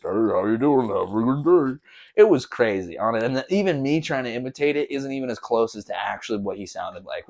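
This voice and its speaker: Young man, low voice, casual solo podcast, loose profane slangy rambling. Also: creaky, a little mellow. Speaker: podcast host.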